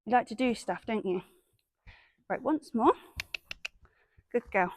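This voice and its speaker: A woman's voice: fairly high pitch, lively intonation, unhurried, pauses often. A woman chatting outdoors while working her young horse, praising it often and slightly out of breath. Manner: chatty, praising the horse in a bright sing-song. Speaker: horse owner vlogger. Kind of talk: casual chat while training a horse.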